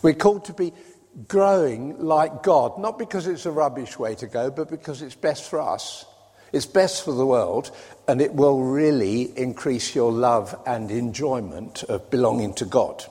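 A man's voice: medium pitch, unhurried, warm tone, breathy edge. A man from Britain preaching a sermon in a conversational way, with wry asides. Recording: reverberant hall.

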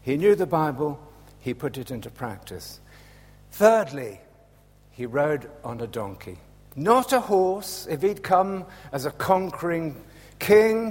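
A man preaching a sermon in a church, slow and animated, dropping to a hush and rising again. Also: fairly high pitch, slightly rough. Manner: slow, animated, swings from loud to hushed. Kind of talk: Palm Sunday sermon. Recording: echoey church hall with long reverb.

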